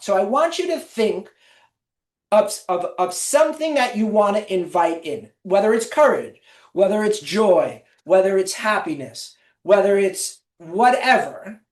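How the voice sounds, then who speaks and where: Woman leading a guided webinar exercise. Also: medium pitch. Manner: encouraging, chants affirmations slowly. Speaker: webinar presenter. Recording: echoey room, mic at a distance.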